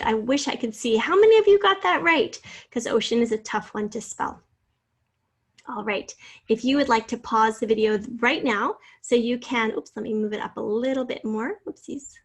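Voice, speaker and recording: Patient woman teaching spelling. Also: fairly high pitch. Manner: patient, encouraging, sounds out letters. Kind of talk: spelling lesson narration.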